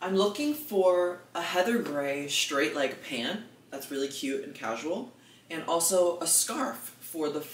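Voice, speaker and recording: A man's voice: fairly high pitch, lively intonation, a little slow, a bit bright, roomy sound, slight background noise. A young man vlogging casually, dramatic and self-deprecating, gushing about things. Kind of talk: casual vlog chatter.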